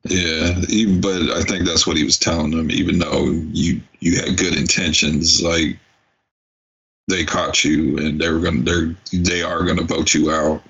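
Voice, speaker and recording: A man's voice: low-pitched, flat delivery, normal speed, vocal fry, a bit bright, breathy edge, highs cut off. A man co-hosting a podcast in casual chat about a film, laid back, chiming in with short replies. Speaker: podcast co-host. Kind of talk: casual movie recap chat.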